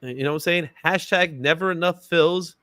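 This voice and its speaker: A man hosts a casual livestream in a chatty, upbeat way, laughing often and greeting viewers in the chat by name, with fillers like "you know what I'm saying." His voice is a little high and sharp in tone, at a moderate pace. The studio-quality recording has no echo.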